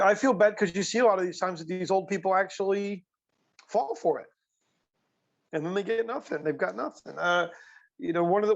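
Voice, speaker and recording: A man's voice: high-pitched, lo-fi sound. A man co-hosting a podcast, telling rambling stories in casual chat, full of fillers and restarts. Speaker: podcast co-host.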